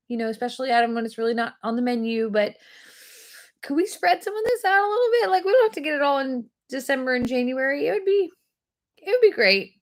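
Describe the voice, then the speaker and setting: A woman, hosting a weekly video and telling a rambling, self-deprecating story to her viewers. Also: a little high. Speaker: host of a weekly video segment.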